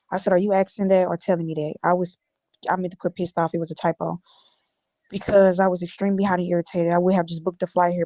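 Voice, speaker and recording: A woman's voice: on the low side, dark tone, no echo. A woman from Illinois bluntly reading her text messages aloud on a stream, with a lot of profanity. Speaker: guest recounting text messages. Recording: dull lo-fi audio.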